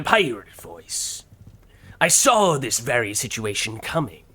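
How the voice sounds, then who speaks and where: A man's voice: mid-range voice, wildly swooping pitch, takes it slowly, bright, forceful tone. A man in casual gameplay chat as a streamer, thinking aloud and laughing often. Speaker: gaming streamer.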